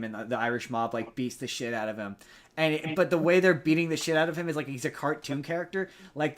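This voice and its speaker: Man, podcast host, casual chat, rambling, restarts sentences, mid-pitched voice. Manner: rambling, frequent restarts and fillers. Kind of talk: casual chat recapping a movie.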